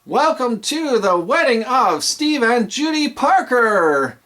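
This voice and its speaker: A man's voice: very high voice, sing-song, pitched above the performer's own voice, full character voice. A man putting on the voice of an enthusiastic wedding MC, stretching out his announcements so they build up. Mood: hyped. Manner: drawn-out, building announcer shouts. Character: booming enthusiastic adult male wedding MC. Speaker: DJ demonstrating announcements.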